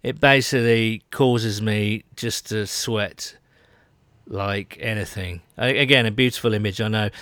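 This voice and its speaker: A man's voice: fairly low pitch, fairly even intonation, unhurried, a bit bright, no echo. British male podcast co-host, chatty and self-mocking, recorded close and dry. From Britain. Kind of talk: casual podcast chat. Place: home, London.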